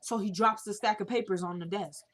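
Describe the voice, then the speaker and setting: A woman's voice: mid-range voice, fairly quick. Chatty woman recapping a TV episode. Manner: chatty, animated retelling that acts out the characters' lines. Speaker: TV recap vlogger.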